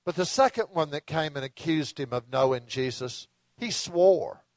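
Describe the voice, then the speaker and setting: A man preaching a sermon in a conversational storytelling way, dropping to soft low tones for the dramatic moments. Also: animated, moderate pace, dry recording. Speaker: pastor.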